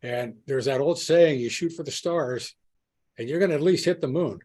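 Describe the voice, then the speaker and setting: A man's voice: on the high side, moderate pace, a little mellow. A man hosting a podcast, chatting in an easygoing, encouraging way. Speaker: podcast host. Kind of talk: casual interview chat.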